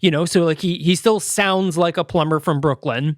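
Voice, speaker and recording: Rambling through casual chat with fillers and restarts, this podcast co-host has a fairly high voice and moderate pace. The recording is dry and of studio quality.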